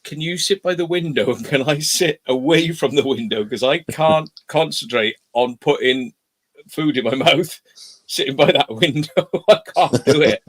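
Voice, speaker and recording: A man in casual chat, telling a story haltingly with repeated words and laughter. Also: on the high side.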